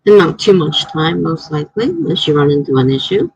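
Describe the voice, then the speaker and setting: A woman's voice: low voice, very animated, brisk, darkish tone, husky, no room sound, low-quality recording. A woman, a writer, hosting a casual live stream from home, chatting in a rambling way and laughing often.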